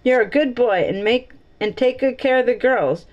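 A woman voicing a kind, steady elderly grandfather in a read-aloud storybook, gentle and reassuring. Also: a little high, normal speed, muffled recording, lightly acted. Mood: kindly.

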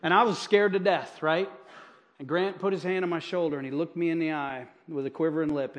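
Middle-aged pastor guy, high voice, chatty self-deprecating sermon from the church stage. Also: steady tone, a little fast. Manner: conversational, self-deprecating storytelling with asides to the congregation.

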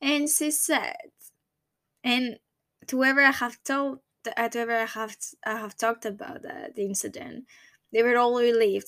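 A young woman in her twenties speaks with a Greek accent, and her voice sits high and sharp. She tells a personal story in a rambling, casual way and keeps searching for the right English words. The sound is dry and close, with no room echo. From Greece. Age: 20s. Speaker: vlogger.

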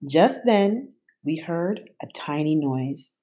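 A woman reading a children's picture book aloud in an expressive, unhurried way. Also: deep voice. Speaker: storyteller.

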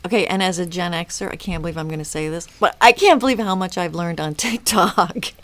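A woman's voice: on the low side, a little fast, fairly bright tone. A woman in her fifties, a mother speaking as a podcast guest, reflective and earnest with frequent restarts. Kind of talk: casual podcast conversation.

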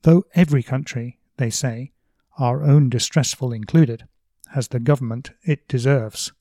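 A calm, moderate middle-aged everyman , read aloud by a man makes his case in an earnest, reasoned way. The voice is lifted above a plain speaking tone but stays measured. The sound is dry and close. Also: mid-range voice, no echo. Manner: earnest, reasoned, raised reading voice. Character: mild philosophical middle-aged male everyman. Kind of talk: reading a novel passage aloud.

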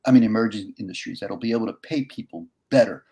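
Gravelly, impassioned man telling his story. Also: lowish voice, fast talker. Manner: earnest, impassioned, rises to near-shouting. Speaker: congressional candidate. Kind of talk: emotional storytelling and campaign pitch.

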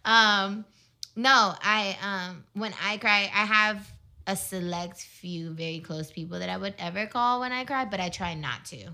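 Young female co-host, frank talker, bright forward tone. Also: mid-range voice, measured pace. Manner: frank, talkative, many "like" fillers. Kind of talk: casual chat.

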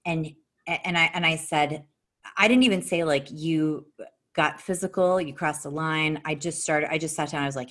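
Woman, low-ish voice, swears freely, blunt and animated; casual podcast storytelling. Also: moderate pace. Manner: profane, blunt and emphatic; animated, with sharp jumps in pitch.

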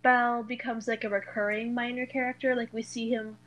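Young woman co-host, slightly high voice, eager and agreeable. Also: little pitch movement, brisk, a bit bright, dull audio. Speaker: co-host of a book discussion. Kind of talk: casual chat.

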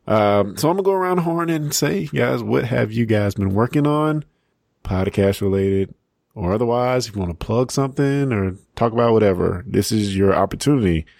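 A man's voice: on the low side, lively intonation, moderate pace, creaky, darkish tone, dry recording, studio quality. A man nearing forty hosting a podcast in an easygoing, upbeat way. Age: 30s. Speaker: podcast host. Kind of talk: casual podcast chat.

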